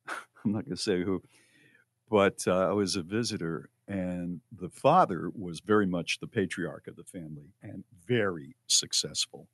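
A man hosting a radio show, chatting casually on a podcast as a relaxed, rambling storyteller. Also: low voice, normal speed, dry recording, clean studio sound.

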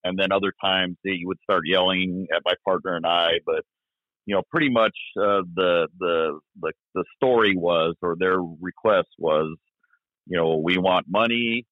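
A man, a former police officer, recounting events in an interview, halting with many fillers and restarts. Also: low-pitched, steady tone, no echo. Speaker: retired police officer guest. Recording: dry, tinny phone-like line.

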